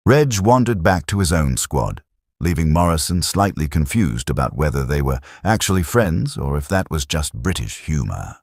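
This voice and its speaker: Deep husky male narrator for a war story, steady, animated inflection, dry close recording. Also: normal speed, no echo.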